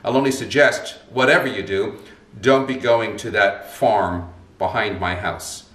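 A man voicing a calm, nonchalant male farmer who speaks in an unhurried, offhand way. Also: fairly low pitch, roomy sound, recorded from a distance.

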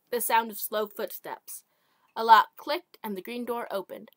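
Amateur writer, woman, reads own story, slightly high, self-corrects, dry close mic. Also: fairly even intonation, unhurried, no echo. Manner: stumbles over her own typing, self-correcting. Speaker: amateur author. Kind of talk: reading her own short story aloud.

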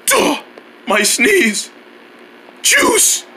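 A man's voice: extremely high pitch, wildly swooping pitch, very slow, bright, forceful tone, a little hiss or hum, voice pushed up, exaggerated voice. A man voicing a sneezy, whiny young boy who insists he is not sick, in a homemade cartoon. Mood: panicked. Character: sneezy stubborn young boy hiding his cold.

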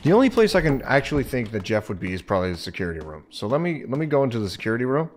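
A man's voice: big pitch swings, very fast, slight background noise. Jokey man narrating a horror game. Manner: chatty, jokey, bursts into high shrieks when startled. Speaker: gaming channel host. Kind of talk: solo let's play commentary.

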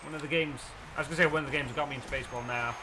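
An English man commenting excitably and cockily as he plays a baseball video game. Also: mid-range voice, racing, a crowd in the background. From England. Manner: excitable, cocky, talks to himself. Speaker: let's play gamer. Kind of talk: live gameplay commentary.

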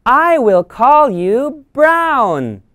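A woman voicing a cheerful little girl with a new puppy, speaking in an excited, drawn-out, sing-song way while reading a picture book aloud. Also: high voice, dry recording, studio quality, voice pushed up, exaggerated voice. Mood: delighted.

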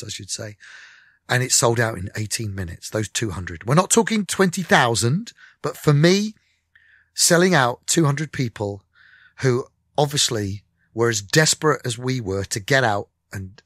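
A middle-aged musician, guesting on a radio interview, tells candid stories and acts out the conversations with animated energy. His voice sits in the mid range, recorded at studio quality with no echo.

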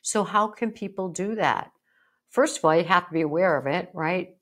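Woman host, psychologist, slightly low voice, emphatic and fired up, breaks into mock quotes. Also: moderate pace. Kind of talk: podcast monologue.

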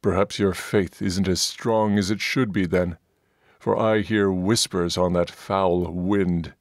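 A man voicing a gruff, bullying male dwarf priest in an audiobook, scornful and pompous. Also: sits low, steady tone, slow, no room sound, studio quality.

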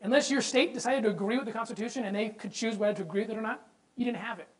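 A man's voice: high voice, very fast, rough recording. Male presenter, fervent religious history lecture, emphatic, rhetorical questions to the room, stumbles into repeats when fired up. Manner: repeats words when excited.

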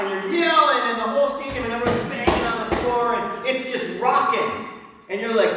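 A middle-aged man preaching a sermon as pastor, animated and bursting into shouts when he acts out crowds and drill sergeants. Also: very high voice, a little fast. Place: church sanctuary. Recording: echoey hall, mic from a distance.

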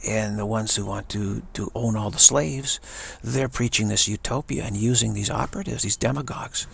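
A spiritual teacher with a gravelly, husky voice on the low side gives an emphatic talk at a moderate pace. He often repeats himself and restarts words.

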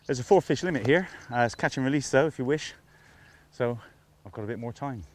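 A man's voice: medium pitch, animated, fairly quick. A man presenting a fishing show outdoors on a riverbank, talking with admiring enthusiasm, half to himself. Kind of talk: casual outdoor presenting to camera.

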